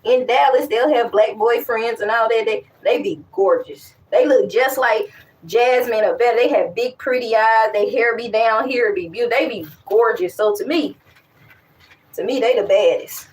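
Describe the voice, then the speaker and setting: A young woman talking casually and candidly to her viewers, animated and rambling, with frequent restarts. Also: on the high side, moderate pace, recorded from a distance, low-quality recording. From West Africa. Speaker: vlogger. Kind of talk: casual chat to camera.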